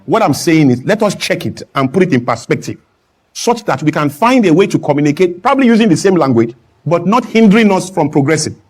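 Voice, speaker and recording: High-voiced man from Nigeria, emphatic studio guest, rhetorical and punchy. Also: animated, fairly quick, a little mellow. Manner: emphatic, rhetorical, mimics broken English with laughs. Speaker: guest speaker. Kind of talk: impassioned talk-show speech. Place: television studio with a clapping audience.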